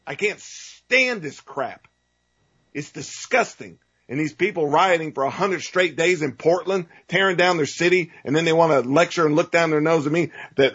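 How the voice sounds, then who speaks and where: A man's voice: a little high, moderate pace, a bit bright, breathy edge, highs cut off. A man hosting a talk show, ranting heatedly about politics with stammering restarts. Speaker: host.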